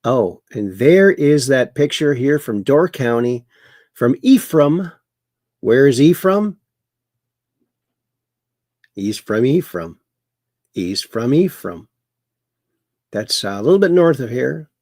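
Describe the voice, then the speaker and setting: A man speaks slowly in a sing-song, darkish mid-range voice, pausing often, with no echo and clean studio sound. Hosting a casual political commentary livestream from his Wisconsin home, he reads viewer chat aloud and mocks the news with chuckles.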